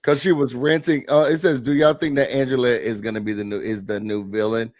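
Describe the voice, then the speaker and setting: A man's voice: mid-range voice, fairly even intonation, fairly quick, darkish tone, dry recording. A man hosting a live show recap in a mid-range voice, retelling scenes and reading comments in a laid-back way. The sound is dry and close.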